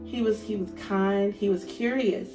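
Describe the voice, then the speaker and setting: A woman's voice: medium pitch, fairly even intonation, a little slow, dark tone, faint music behind. A woman in her thirties hosting a faith podcast, talking earnestly and encouragingly and repeating phrases for emphasis. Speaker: podcast host.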